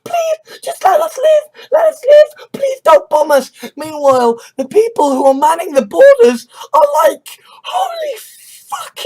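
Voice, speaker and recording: An English-accented speaker holds forth in a fiery monologue. The delivery is blunt and full of swearing. Short tag questions like "right?" and "you know?" keep coming up. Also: mid-range voice. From England. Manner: heated and profane, often asks "right?" or "you know?". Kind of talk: impassioned spoken rant.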